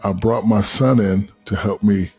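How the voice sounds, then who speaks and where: A man in his fifties telling stories as a podcast guest, profane and animated, acting out quotes. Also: a little slow, faint music behind. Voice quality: deep gravelly husky voice. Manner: profane, animated storyteller who acts out quotes. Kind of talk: casual storytelling chat.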